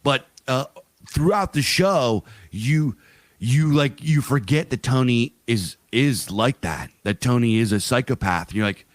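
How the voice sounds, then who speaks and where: A man's voice: mid-range voice, measured pace, no room sound. Rambling, profane man on a podcast. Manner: rambling, profane, animated storytelling with voiced asides. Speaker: podcast co-host. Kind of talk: casual podcast chat.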